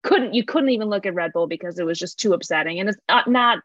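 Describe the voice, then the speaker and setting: A woman co-hosts a podcast over a video call and airs her opinions playfully. Her voice comes through muffled and dry, with no room sound. Her pitch is ordinary for a woman. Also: fast, fairly bright tone, dry recording. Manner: playful, opinionated, laughs easily. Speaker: podcast co-host. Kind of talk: casual podcast chat.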